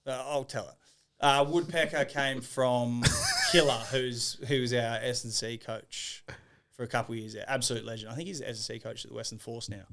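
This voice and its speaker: A young Australian man with an Australian accent, a guest telling stories in a relaxed way and laughing often. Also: medium pitch, fairly quick, gravelly. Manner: relaxed, laughs often, laid-back storytelling. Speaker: podcast guest, former footballer. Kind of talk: casual interview chat.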